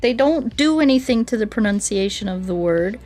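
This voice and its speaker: A woman's voice: fairly high pitch, expressive, normal speed, darkish tone. Chatty American woman streaming a game. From United States. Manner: chatty, playful, laughs often, talks to chat and animals. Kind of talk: casual gaming chat. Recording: faint music behind.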